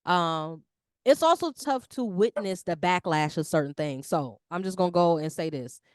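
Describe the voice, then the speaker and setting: Woman co-host, animated casual sports talk, slangy, dry close sound. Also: lowish voice, normal speed, clean tone, no room sound. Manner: animated, slangy, lively talk about basketball. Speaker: podcast co-host.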